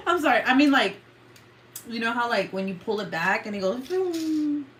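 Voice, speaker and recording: A woman's voice: a little high, huge pitch swings, measured pace, noisy background. A woman hosting a casual livestream, joking with viewers, swearing freely and often breaking into laughter. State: coughing. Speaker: livestream host.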